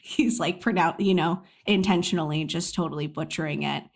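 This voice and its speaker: A woman's voice: low voice, brisk, creaky. Chatty American woman podcast co-host. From United States. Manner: chatty, self-deprecating, laughs often. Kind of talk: casual chat.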